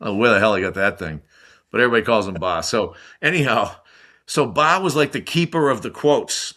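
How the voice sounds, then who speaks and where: Older American man, bright lowish voice, lively anecdote-teller on a podcast. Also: fairly quick. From United States. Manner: animated anecdote-telling with mimicked voices and laughs. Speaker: podcast guest, former hockey player. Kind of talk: casual storytelling.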